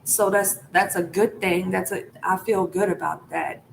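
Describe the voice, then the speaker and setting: A woman's voice: on the low side, steady tone, a little slow, vocal fry, slight background noise, rough recording. A woman talking frankly to her viewers in a casual monologue, cursing often and using lots of fillers like "like" and "right?". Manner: frank and profane, with frequent fillers and laughs. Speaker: spiritual vlogger.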